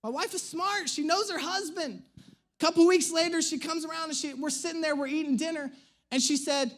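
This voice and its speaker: A man in his thirties, a pastor, telling a humorous personal story in an animated, self-mocking way during a sermon. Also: very high voice, fairly quick. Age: 30s. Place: church stage.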